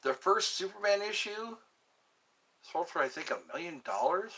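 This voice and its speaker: A man's voice: high-pitched, animated, normal speed, bright, forceful tone, breathy edge. A man hosting a live stream, chatting casually and reading viewer comments, often stumbling and repeating words. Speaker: livestream host.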